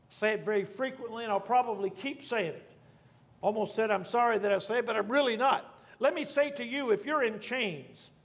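A man's voice: very high-pitched, fairly bright tone, big-room sound. A man preaching a fervent sermon as pastor, repeating phrases and restarting lines.

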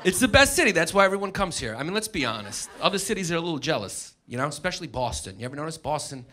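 A man from New York doing a brash, profane stand-up set, mocking and shouting his punchlines to a live audience. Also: fairly high pitch, sing-song, rapid-fire. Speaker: stand-up comedian. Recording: live club audience, music behind.

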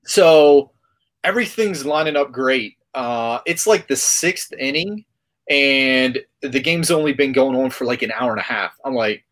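A man's voice: mid-range voice, moderate pace. A man hosting a hobby podcast, casually retelling a trip story with lots of fillers. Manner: rambling, animated retelling with filler words. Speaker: podcast host.

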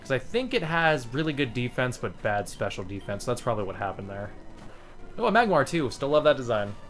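A man narrating his own gameplay in a loose, swearing, chatty way. His pitch sits mid-range but moves a lot, jumping up when something surprises him. Soft music plays faintly behind. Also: big pitch swings, a little fast. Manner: chatty, profane, easily amused. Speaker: let's play host. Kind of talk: casual gameplay commentary.

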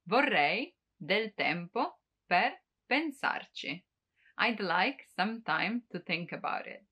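A woman teaching beginner phrases, repeating each one slowly before wrapping up the lesson. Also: medium pitch, pushed and bright. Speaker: language teacher.

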